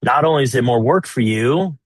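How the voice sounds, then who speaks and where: A man's voice: medium pitch, expressive, fairly quick, no echo. A man coaching on marriage in a webinar, talking conversationally and often checking in with "right?". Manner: acts out example dialogues. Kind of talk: webinar teaching.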